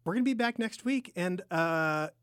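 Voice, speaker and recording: A man's voice: high-pitched, animated, normal speed, fairly bright tone, clear, resonant tone, no echo. A man co-hosting a casual hockey podcast, teasing and joking with his co-host over a studio mic.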